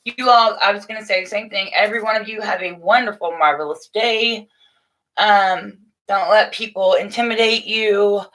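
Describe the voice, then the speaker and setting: Chatty motherly woman, bright voice. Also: mid-range voice, moderate pace. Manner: chatty, motherly, frequent laughs and restarts. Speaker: livestream host. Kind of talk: casual live chat to viewers. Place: home room.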